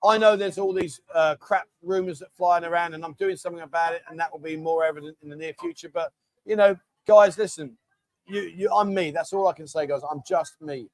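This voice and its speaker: Chatting away and reading out comments from viewers, this middle-aged livestream host keeps things casual and friendly, frequently addressing people as mate. His voice sits high, a little mellow and creaky, moving fairly quickly with no room sound.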